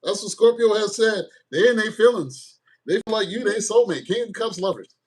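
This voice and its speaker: A man giving a casual tarot reading, animated and jokey, with crude asides. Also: high voice, normal speed, slightly rough. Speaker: tarot reader.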